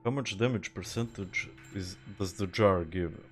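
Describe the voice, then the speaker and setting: A man's voice: low voice, a little slow, faint music behind. A young man from Serbia with a Serbian accent, chatting casually on a game stream, laid-back and swearing, reading and answering viewer chat. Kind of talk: casual live-stream chat while gaming.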